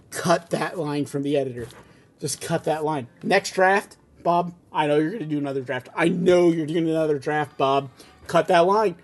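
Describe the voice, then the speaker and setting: A husky, breathy voice reads a fan script aloud and keeps stopping for exasperated rants and bursts of laughter. Faint music sits underneath. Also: medium pitch. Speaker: channel host reading a fan script. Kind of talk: comedic script reading with ranting commentary.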